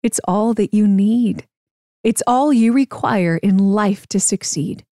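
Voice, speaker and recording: A woman voicing a calm, wise and kind man in a rhyming storybook read-aloud, slow and reassuring. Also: medium pitch, husky, no echo, studio quality. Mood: gentle. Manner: gentle, slow, reassuring rhyme.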